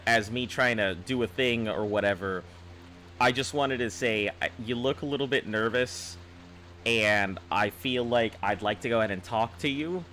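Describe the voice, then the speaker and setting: A man's voice: mid-range voice, a bit bright. A man streaming a game and chatting casually, rambling and restarting his phrases as he gives advice and reads viewer comments aloud. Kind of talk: casual live-stream chat.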